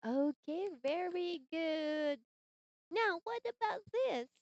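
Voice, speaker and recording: A young woman teaching English online to a child, slow, sing-song and encouraging, on a dull lo-fi call mic. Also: extremely high pitch, expressive, darkish tone, no room sound. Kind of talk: demo lesson for a young learner. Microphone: computer mic on a video-call platform. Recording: dull, dry lo-fi call audio.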